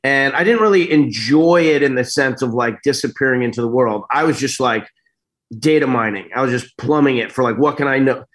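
A middle-aged man telling stories as an interview guest, in an animated, rambling way that keeps breaking off and restarting. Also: medium pitch, brisk. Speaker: actor guest. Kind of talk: casual interview storytelling.

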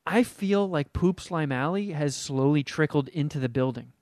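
A man's voice: a little high, moderate pace, darkish tone, dry recording, clean studio sound. A man co-hosting a casual chat, telling rambling stories and swearing freely. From Los Angeles area resident. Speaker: podcast co-host.

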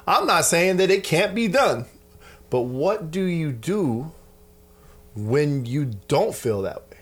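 A man in his thirties co-hosting a casual faith podcast, animated and laughing as he acts out scenes from his day. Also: on the high side, takes it slowly, slightly rough. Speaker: podcast co-host. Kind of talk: casual Christian podcast chat.

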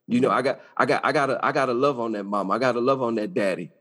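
Male guest, folksy, halting repeats, chatty delivery. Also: medium pitch, fairly bright tone. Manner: repeats words while finding his phrasing. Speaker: guest, judge. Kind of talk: conversational podcast interview.

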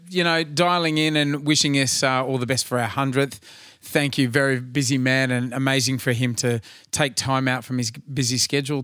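A man's voice: mid-range voice, pushed and bright, clear, resonant tone, no echo, clean studio sound. A man co-hosting a podcast, thanking a guest and promoting the show in an upbeat, effusive way. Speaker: podcast co-host.

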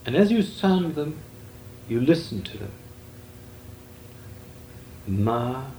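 An older man, a Benedictine monk, giving a measured, deliberate talk on meditation with long pauses. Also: fairly high pitch, sing-song, warm tone. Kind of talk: slow meditative spiritual talk. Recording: echoey room with faint noise.

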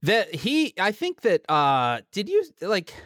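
A man with a fairly high voice co-hosts a casual talk show, trading wry, rambling remarks full of restarts. He is recorded close and dry, with no room sound behind him. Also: huge pitch swings, slow pace, fairly bright tone, no echo. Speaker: podcast co-host. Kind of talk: casual political chat.

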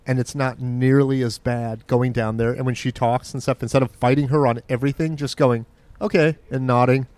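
A man's voice: mid-range voice, steady tone, normal speed, darkish tone, no room sound. A middle-aged man co-hosting a casual podcast chat, telling stories bluntly and with profanity. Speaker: podcast co-host.

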